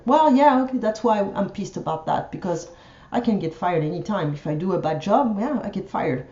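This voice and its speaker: A woman's voice: medium pitch, expressive, moderate pace, dark tone, roomy sound, lo-fi sound. A French woman speaking English with a French accent, venting bluntly in a casual vlog, with lots of fillers and restarts. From France. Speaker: French teacher vlogger. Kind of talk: ranting vlog monologue.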